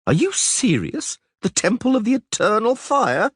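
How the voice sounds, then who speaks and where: A man voicing a vain, flamboyant young bard who talks excitably and dramatically in an audiobook. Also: high-pitched, normal speed, slightly rough, no room sound, studio quality, pitched above the performer's own voice, full character voice. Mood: excitable flamboyant. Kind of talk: audiobook character voice.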